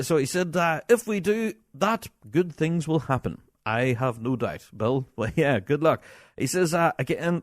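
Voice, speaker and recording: Man, middle-aged, podcast host, chatty, animated, laughs often, mid pitch, dry close mic. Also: dry recording. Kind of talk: casual chat, reading listener emails.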